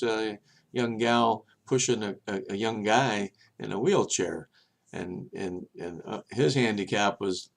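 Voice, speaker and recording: Deep and creaky-voiced, this older vlog host wanders through chatty personal anecdotes, restarting often. His delivery turns animated when he repeats what other people said.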